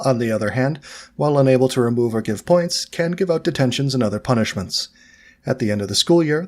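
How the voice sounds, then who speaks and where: A man's voice: mid-range voice, lightly acted. A man voicing a stern, imperious older woman teacher giving formal instructions in a storybook reading. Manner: crisp, formal, stiff.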